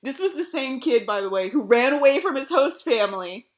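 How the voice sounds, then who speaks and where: Young female streamer, high-pitched, animated cursing raconteur. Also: brisk. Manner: animated storytelling, swears freely, laughs often. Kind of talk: casual chat.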